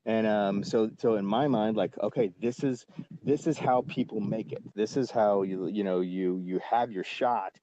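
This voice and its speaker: With a lowish, mellow voice, a man in his forties rambles through a story at a moderate pace as a podcast guest, peppering it with fillers and casual cursing. The audio is dry, a bit dull and lo-fi, without echo.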